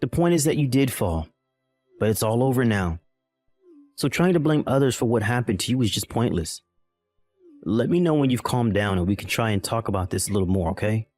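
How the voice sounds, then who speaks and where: A man's voice: mid-range voice, animated, a little fast, a little mellow, soft background music, natural voice. A man playing a dismissive, callous young husband in a voiced text-message drama, irritated and condescending.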